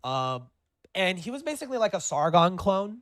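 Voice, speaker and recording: A man's voice: high-pitched, very animated, moderate pace, a bit bright, no echo, clean studio sound. A man hosting a livestream in casual chat, rambling with lots of fillers and swearing. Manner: rambling, profane, with many fillers. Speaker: streamer host.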